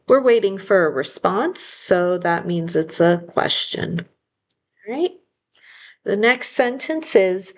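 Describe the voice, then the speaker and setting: A woman teaching a spelling lesson, sounding out words slowly and patiently one syllable at a time. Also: fairly low pitch, animated, creaky.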